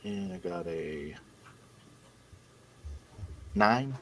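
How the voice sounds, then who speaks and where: A man playing a tabletop role-playing game, calmly describing his character's actions in first person. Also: sits low, very slow, a little hiss or hum. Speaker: player.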